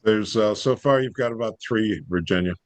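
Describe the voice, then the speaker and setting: A man's voice: lowish voice, moderate pace. A man moderating an online meeting, giving brief, matter-of-fact replies to the presenter.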